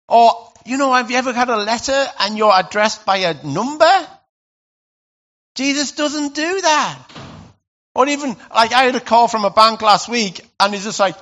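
A male pastor delivers a sermon in a high, ringing voice. He talks to the congregation casually, then bursts out loudly for emphasis. The recording sounds a little muffled. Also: a little slow, pauses often. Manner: animated, conversational preaching with sudden loud bursts.

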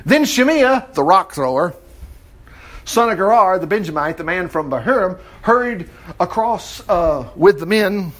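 A man leads a casual Bible study, his fairly high voice swinging widely as he reads scripture aloud. He keeps cutting in with excited asides between the verses. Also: a little slow. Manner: animated, interjecting comments while reading scripture aloud. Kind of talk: informal Bible study teaching.

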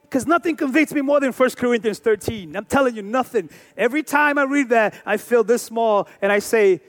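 High-voiced man in his forties preaching. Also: fairly quick, few pauses, faint music behind. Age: 40s. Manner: emphatic preaching with repeated phrases and rhetorical questions. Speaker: pastor. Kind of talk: sermon.

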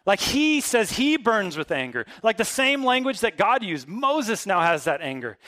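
Man, pastor, sermon, conversational, emphatic, high-pitched, dry. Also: very animated, normal speed, hardly any pauses, pushed and bright, no echo. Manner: conversational, emphatic preaching with casual asides.

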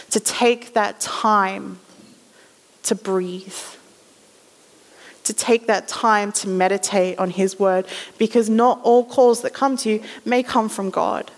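A woman giving a conversational sermon, acting out little voices as she tells stories. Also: mid-range voice. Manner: conversational storytelling, acts out voices. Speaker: guest preacher. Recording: reverberant hall.

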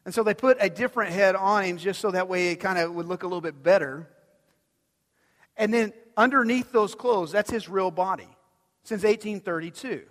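A male pastor preaching a sermon in a conversational way, often asking the audience if they are following, swinging between loud emphatic lines and soft low ones. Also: normal speed. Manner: conversational, asks the audience questions. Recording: long hall reverb.

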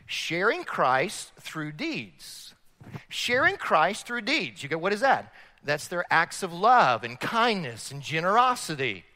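A man pastor preaching an animated sermon, rising loud and dropping low. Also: long reverb tail. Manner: animated preaching, rises and drops in volume. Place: church sanctuary.

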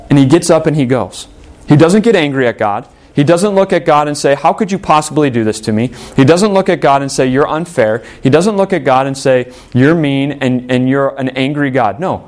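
A man's voice: fairly high pitch, a little mellow. A man, the pastor, preaching an earnest sermon with emphatic repetition.

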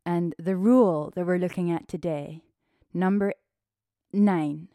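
A woman's voice: lowish voice, a little slow, dry recording, clean studio sound. A woman hosting her own podcast, talking freely and chattily with lots of fillers, a little out of breath. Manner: chatty, warm-hearted, free-flowing with fillers. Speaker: podcast host. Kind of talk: casual solo podcast talk.

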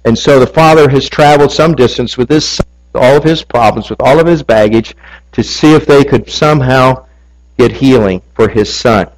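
A man's voice: medium pitch, moderate pace, rough recording. A male pastor preaching a sermon, telling a story, reading scripture and asking his congregation questions. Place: church.

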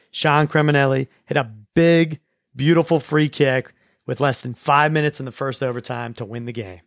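A man's voice: a little high, dry recording, clean studio sound. Man hosting a school sports recap. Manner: relaxed, with frequent restarts and repeated words. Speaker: host of a school sports show. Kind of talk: casual sports recap chat.

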